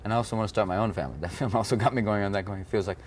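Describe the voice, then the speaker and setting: A man's voice: on the low side, racing, a little hiss or hum. An American man in his thirties, talking in a rambling, playful way in an interview, often slipping into comic voices. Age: 30s. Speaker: interviewed actor. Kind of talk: playful press junket interview.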